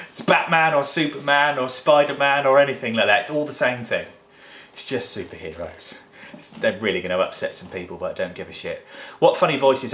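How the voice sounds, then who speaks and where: A man's voice: mid-range voice, a bit bright. A man from England answering viewer questions in a blunt, sweary, chatty vlog. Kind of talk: casual Q&A vlog. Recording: echoey room.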